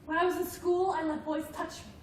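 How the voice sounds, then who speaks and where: Cast a childlike adult woman, earnest and halting, very high voice, roomy far-off film sound. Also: flat delivery. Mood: pleading. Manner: earnest, halting, stammers when upset. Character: childlike grown woman, anxious and pleading. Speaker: grandmother's grown daughter. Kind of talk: film drama acting. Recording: roomy, distant film sound, faint noise.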